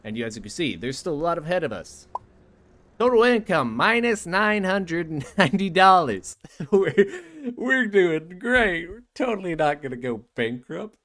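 Lively young man doing frantic game commentary. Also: normal speed. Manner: frantic, sarcastic, jumps between mutters and squeaky outbursts. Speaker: gaming youtuber. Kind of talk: casual gameplay commentary.

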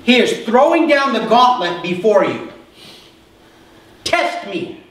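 A man with a high voice preaches a sermon in a relaxed, chatty way, often asking his listeners whether they follow. He is picked up from a distance in a very echoey church hall. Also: normal speed. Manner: conversational preaching, asks the congregation questions. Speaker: pastor.

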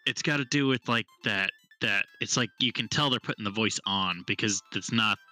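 Bright-toned man chatting loosely. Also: fairly low pitch, normal speed. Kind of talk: casual chat.

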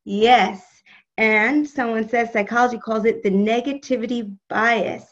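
A woman teaching a live online religious class, expressive and speaking straight to her listeners, answering their chat comments, over dull video call audio. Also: on the high side, unhurried.

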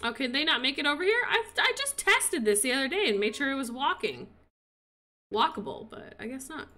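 A woman giving casual commentary on her own game, excitable and cheering as she plays. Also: high voice, a little fast. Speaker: gaming video creator.

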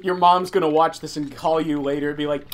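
A man's voice: a little high, steady tone, fast talker. A young man co-hosting a let's play, laughing often and teasing his friend in casual chat.

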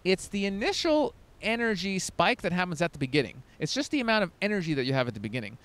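A man in his thirties gives a dating lesson in a high, smooth voice. He talks emphatically and lets his pitch swing widely, bursting into loud demonstrations. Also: sing-song, fast talker. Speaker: dating coach. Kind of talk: energetic coaching talk to camera.

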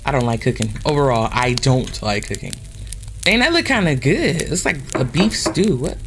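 A woman's voice: very deep voice, sing-song, moderate pace, music in the background. A woman hosting a gaming channel, chatting casually and swearing freely as she plays a horror game and talks straight to her viewers.

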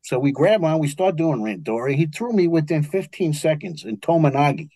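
A man's voice: a little high, moderate pace, no room sound. An older man with a New York accent, telling martial arts stories as a guest in an interview. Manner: animated storyteller, acts out quotes. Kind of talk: storytelling interview.

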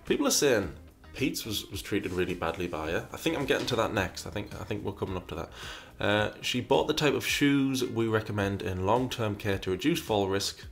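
Lowish-voiced man musing over viewer questions. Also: animated, brisk, creaky, few pauses, soft background music. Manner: reads questions aloud, muses, repeats himself. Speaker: host answering viewer questions. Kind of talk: casual chat.

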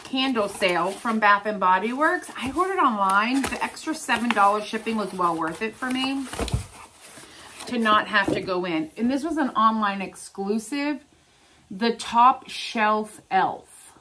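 Woman, middle-aged, chatty vlogger, unhurried, slightly high voice. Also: lively intonation, background noise. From Ohio, US. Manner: chatty, giggly, exclaiming over crafts. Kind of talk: casual chat to camera.

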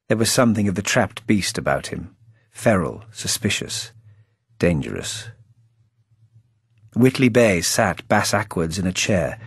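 A man reading his own novel aloud as an audiobook, narrating in a dry, wry and measured way. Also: on the low side, husky, no room sound.

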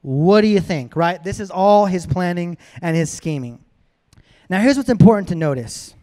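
A man preaching a sermon, retelling a story in a casual, animated way. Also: sits high, normal speed. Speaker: pastor.

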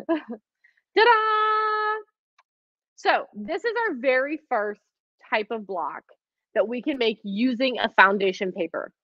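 A woman's voice: fairly high pitch, lively intonation, moderate pace, no echo. Chatty woman teaching quilting. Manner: chatty, encouraging, answers viewer questions, many ums. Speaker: quilting instructor. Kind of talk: live online craft class. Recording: dry, slightly dull stream audio.

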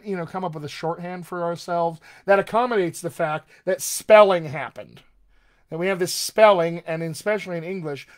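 An American man working as a dialect coach, answering viewer questions in a live online session and demonstrating sounds as he explains. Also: on the high side. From United States.

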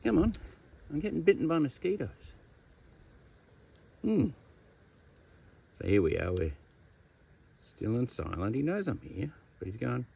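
A man's voice: on the low side, big pitch swings, moderate pace, gravelly, pauses often, dark tone, husky. An Australian man chatting casually outdoors as he releases a snake, teasing it in a laid-back way. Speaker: snake catcher. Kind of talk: casual outdoor vlog narration. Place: outdoors among bushes.

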